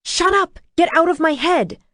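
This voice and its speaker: A woman voicing a distraught, sharp-tongued young woman who snaps when upset. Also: medium pitch, normal speed, dry recording, clean studio sound, close to an everyday voice. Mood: shrill. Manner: upset, snapping.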